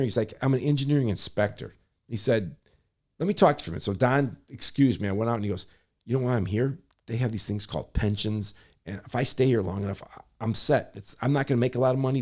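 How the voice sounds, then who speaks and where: A man's voice: mid-range voice, darkish tone. A middle-aged man from Michigan, a public servant, telling a story in conversation, acting out other people's lines and often correcting himself mid-sentence. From Michigan, USA. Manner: acts out quoted voices, rapid self-corrections.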